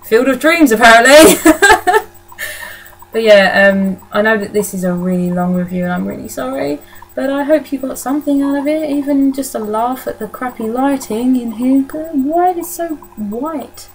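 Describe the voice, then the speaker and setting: A woman's voice: a little high, normal speed, slight background noise, rough recording. A woman giving a casual, rambling film review indoors, swearing freely and laughing often. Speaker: movie reviewer. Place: indoor room.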